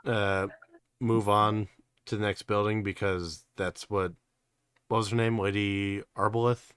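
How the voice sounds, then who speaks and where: A man's voice: fairly low pitch, little pitch movement, unhurried, fairly bright tone, clear, resonant tone, no room sound, clean studio sound. A man playing a tabletop game, talking casually and hesitantly, thinking aloud with fillers. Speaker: player.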